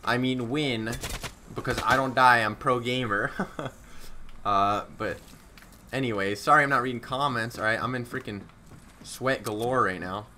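During a live shooter stream, a young man with a medium-pitched voice speaks at a moderate pace and pauses often, with a little hiss or hum in the recording. His casual, slangy commentary is excitable and self-mocking as he chats with viewers and heats up at tense moments.

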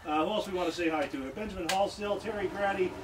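A man's voice: high-pitched, steady tone, fast talker, background noise. A man hosting a casual cooking livestream from his backyard, upbeat and jokey, chatting with viewers as he cooks. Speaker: grill show host. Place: backyard grilling area, outdoors.

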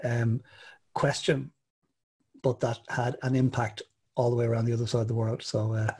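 An Irish man hosting an online interview, reflecting on what his guest said with many pauses and fillers. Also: medium pitch, level tone, a little mellow, breathy edge. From Ireland. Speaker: host. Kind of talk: conversational interview.

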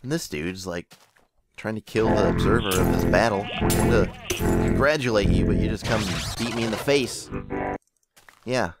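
A young man giving casual gameplay commentary as a channel host, excitable and often yelping in surprise. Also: low voice, normal speed, creaky, very noisy. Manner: excitable, exclaims and yelps often.

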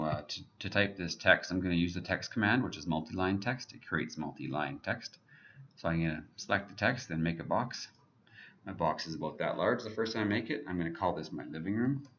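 A man teaching a software tutorial over his screen, talking casually and thinking aloud as he clicks through each step. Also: low-pitched, muffled recording, a little hiss or hum.

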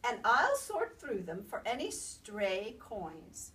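A woman's voice: a little high, huge pitch swings, slow pace, a bit bright, heavily acted. A woman voicing a frail old grandmother who wails and scolds, in a told storybook tale. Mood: complaining. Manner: wailing, scolding. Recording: distant mic, faint background noise.

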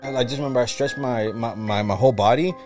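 A man telling a story in a casual podcast chat, animated and swearing, slipping into Spanish phrases. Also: medium pitch, fast talker, soft background music.

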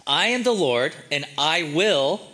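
A slow, emphatic reading of a commanding male deity, as a man puts him on, pitched a little high. The voice is bright and forceful and each phrase is weighed out. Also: animated. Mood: solemn.

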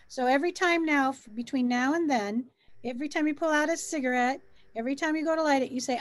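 High-voiced woman coaching warmly. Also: quick pace, no echo. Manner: encouraging, coaching tone. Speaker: co-host. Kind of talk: casual spiritual chat.

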